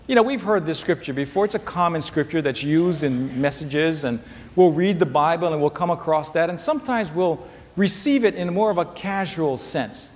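Emphatic high-voiced man preaching. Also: animated, normal speed. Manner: emphatic, pointing at listeners. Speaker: pastor. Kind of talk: sermon. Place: large church hall with tent overflow. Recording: long hall reverb.

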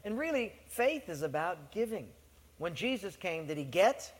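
A male preacher with a high-pitched voice delivers a sermon as a lively story. He slips into the voices of the people in it, and his words carry through a church hall with a long, trailing echo. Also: normal speed. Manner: animated storytelling, acting out voices.

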